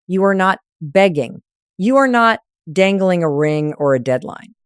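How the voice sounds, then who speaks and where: In punchy, short sentences, a woman gives direct, emphatic relationship advice in a scripted motivational monologue. Her voice is smooth and on the low side, captured in a clean studio recording with no echo.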